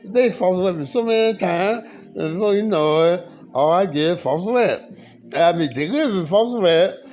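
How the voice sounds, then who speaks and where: High-voiced man rambling through his story. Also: expressive, a little mellow. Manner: halting, repetitive, frequent restarts and fillers. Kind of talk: rambling personal account.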